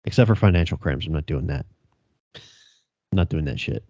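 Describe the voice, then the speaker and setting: A man's voice: very deep voice, expressive, a little fast, a little mellow, no echo. A young male police officer telling a chase story on a casual podcast, laughing, swearing and acting out radio calls. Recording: dry, dull lo-fi sound.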